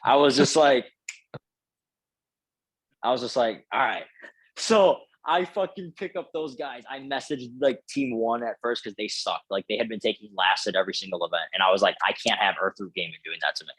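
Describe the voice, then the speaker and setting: A man's voice: medium pitch, normal speed, a bit bright, breathy edge, no room sound, poor audio. A man telling a casual, profane story full of filler words as a podcast guest.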